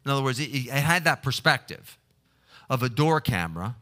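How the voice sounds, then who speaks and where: A man preaching a sermon, halting often with fillers and restarts as he tells stories. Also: medium pitch, lively intonation, sharp tone. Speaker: pastor. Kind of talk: sermon with prayer.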